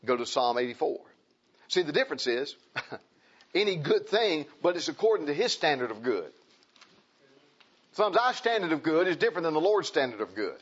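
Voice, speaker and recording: A man's voice: a little high, very animated, moderate pace, long pauses, husky. A man preaching a sermon in church, folksy and conversational, rising to emphatic passages. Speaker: pastor. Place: church sanctuary. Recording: muffled lo-fi recording.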